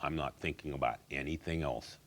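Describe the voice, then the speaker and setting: A man's voice: a bass voice, fairly quick, noisy background. A man in a documentary interview, talking bluntly and with determination about climbing. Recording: interview under loud music.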